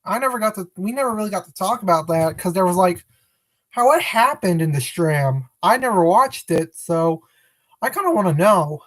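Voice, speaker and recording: A woman's voice: lowish voice, lively intonation, moderate pace. Rambling woman chatting on a live stream. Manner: rambling, self-correcting, greets viewers by name. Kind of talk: casual live-stream chat.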